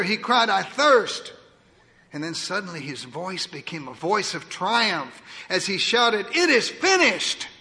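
A man delivers a theatrical sermon, telling it in the first person as a witness. His voice sits high and sounds bright and forceful, dropping to a near whisper and then rising to a boom. The sound carries the long reverb of a large hall. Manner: theatrical, swings from booming to hushed. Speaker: preacher.

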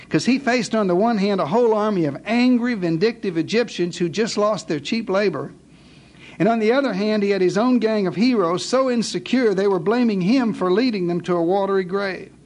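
A theatrical male preacher with a high-pitched voice, spinning a scripture story into a lively sermon. He cracks jokes, then drops to a hush for dramatic effect. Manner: theatrical, wisecracking, shifts to hushed dramatic pauses.

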